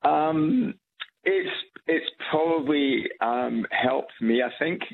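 A man's voice: a little high, takes it slowly, creaky, a little hiss or hum. A man with an Edinburgh Scottish accent, calling into a radio show on speakerphone, chatty and hesitant with fillers and repeats. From Scotland. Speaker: radio caller. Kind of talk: casual phone-in chat. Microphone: phone on loudspeaker. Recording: lo-fi phone line.

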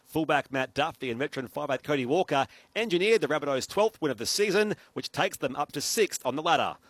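A man reading a scripted rugby league sports report in a brisk news style. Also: on the high side, expressive, no echo.

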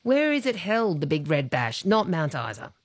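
A woman's voice: fairly low pitch, sing-song, normal speed. A woman from Queensland with an Australian accent, hosting a radio talkback show in a chatty, teasing way and laughing easily.

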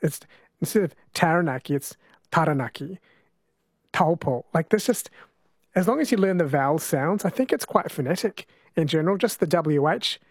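Higher-voiced male radio host. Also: brisk, breathy edge, no room sound, clean studio sound. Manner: relaxed, thinking aloud. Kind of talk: casual radio talk.

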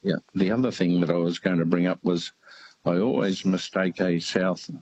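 An older man calling in to a radio show, chatting in a halting way with many fillers. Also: low voice, a little mellow, slight background noise, rough recording. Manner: hesitant, halting, lots of uh fillers. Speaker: radio caller. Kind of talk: casual chat.

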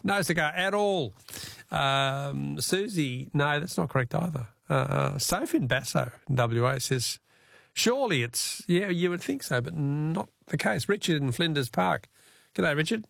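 A man's voice: a little high, expressive, unhurried, gravelly, a bit bright, no room sound, clean studio sound. An Australian man hosting a talkback radio quiz, chatty and jokey with callers.

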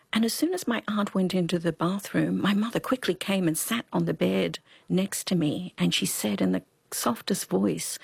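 A woman telling a personal story in an interview, speaking reflectively with pauses and restarts. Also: lowish voice, creaky, husky, dry recording. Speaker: charity founder.

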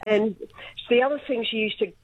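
A woman's voice: medium pitch, normal speed, breathy edge, muffled recording. An Australian woman in her fifties phoning a radio show, telling a story in a chatty, amused way. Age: 50s. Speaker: radio caller. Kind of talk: phone-in reminiscing.

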